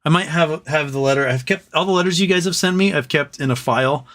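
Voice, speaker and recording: A man's voice: on the high side, quick pace, fairly bright tone. A man hosting a casual livestream, reading viewer messages aloud and joking and rambling between them. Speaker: livestream host reading super chats.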